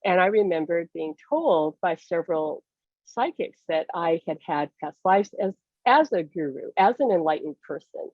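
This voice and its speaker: A woman speaking as a psychic medium guest, telling personal stories in an animated way, laughing often and acting out the dialogue she recounts. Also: medium pitch, dry recording, muffled recording.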